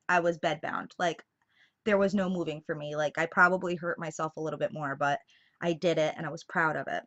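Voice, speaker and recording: A woman's voice: lowish voice, fairly bright tone. A young woman vlogging casually to camera, telling a story in a chatty way with lots of fillers. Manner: chatty storytelling, many fillers, laughs through it. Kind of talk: casual vlog chat to camera. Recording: slightly dull lo-fi sound.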